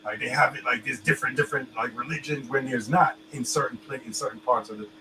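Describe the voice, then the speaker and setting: A man's voice: medium pitch, fast talker. A man talks casually and emphatically. His phrasing is loose, with slang and frequent restarts. A faint background noise sits under the voice. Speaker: co-host. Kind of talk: casual discussion.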